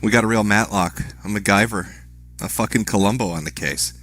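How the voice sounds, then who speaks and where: A man streaming live, talking in a sarcastic, deadpan way and swearing a lot while he begs mockingly. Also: on the low side, brisk, no echo. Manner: sarcastic, deadpan mock begging, heavy swearing. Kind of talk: livestream commentary.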